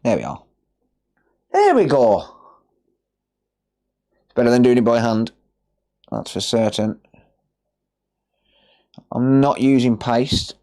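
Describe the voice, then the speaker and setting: A man's voice: medium pitch, measured pace, pauses often, mellow. An English man, an electronics repair technician, chatting casually to viewers while working on a livestream, rambling and answering them by name.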